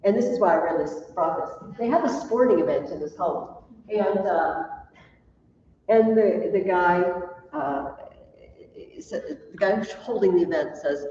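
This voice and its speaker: A woman teacher giving a classroom lecture, telling stories with lively animation and laughing at her own tales. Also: on the low side, measured pace, highs cut off, slight background noise. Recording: echoey classroom from a distant mic.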